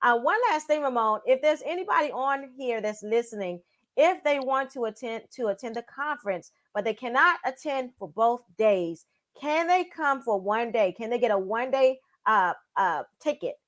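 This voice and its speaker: A woman joins a live morning stream as a guest. She speaks eagerly and casually, full of yeses and fillers. Her voice sits somewhat high. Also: lively intonation, moderate pace, fairly bright tone. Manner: eager, affirming, many fillers. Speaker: guest, sales director. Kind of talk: casual chat.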